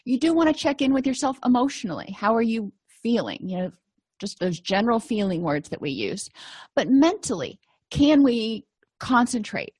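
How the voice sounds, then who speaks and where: Middle-aged woman counselor, casual lecture delivery, mid pitch, dry close sound. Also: husky, no room sound. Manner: conversational, explaining with personal examples. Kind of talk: recorded lecture podcast.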